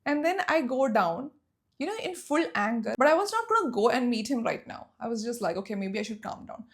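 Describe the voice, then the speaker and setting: A woman's voice: on the high side, sing-song, fairly quick. A young woman from Saudi Arabia telling a personal story in a storytime vlog, emotional and emphatic. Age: young adult.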